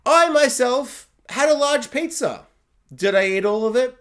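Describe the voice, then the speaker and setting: A man's voice: extremely high pitch, lively intonation, unhurried, fairly bright tone. A man giving a casual spoken TV review, rambling along and filling his talk with "like". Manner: rambling, heavy on "like" fillers.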